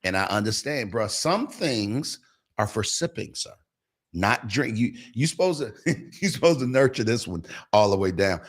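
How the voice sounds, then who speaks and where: A man's voice: medium pitch, a bit bright. A man hosting a casual morning show over a video call, bantering and teasing in a folksy, playful way. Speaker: host.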